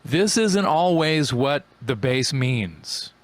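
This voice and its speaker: A man's voice: medium pitch, big pitch swings, slow, no echo. A man hosting a podcast, talking as an eager fan and swearing casually. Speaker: podcast host.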